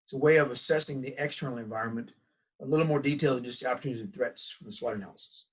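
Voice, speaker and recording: Folksy Southern man lecturing, husky voice. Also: medium pitch, very fast, recorded from a distance. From United States. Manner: folksy, conversational, animated storytelling. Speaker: college instructor. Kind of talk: recorded course lecture.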